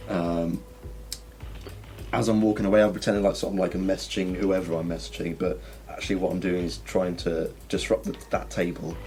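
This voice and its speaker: A man's voice: low-pitched, level tone, fairly quick, darkish tone, a little hiss or hum. Hesitant man playing a tabletop game. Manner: hesitant, thinking aloud with fillers. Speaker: player. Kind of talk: tabletop role-play chat.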